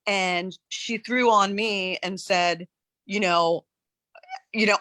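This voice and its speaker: A woman on a live coaching call, talking in an earnest, searching way with many halting restarts. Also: medium pitch, fairly even intonation, sharp tone, no room sound. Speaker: coaching client.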